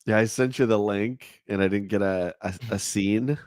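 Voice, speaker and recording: A middle-aged man with a nasal voice, hosting a casual morning livestream chat in a relaxed, chatty way. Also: lowish voice, moderate pace, no room sound, clean studio sound. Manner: relaxed, chatty, laughs easily. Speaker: livestream host.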